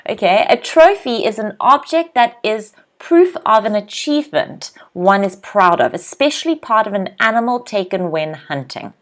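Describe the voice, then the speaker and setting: A woman running a live online English lesson, drilling pronunciation with lively, clear repetition. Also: mid-range voice, moderate pace, hardly any pauses. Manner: animated, clearly drills pronunciation, laughs often. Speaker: English teacher.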